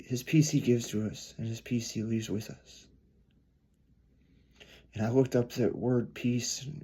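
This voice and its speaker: A man preaching a storytelling sermon, earnest, swelling louder then dropping soft. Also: medium pitch, husky.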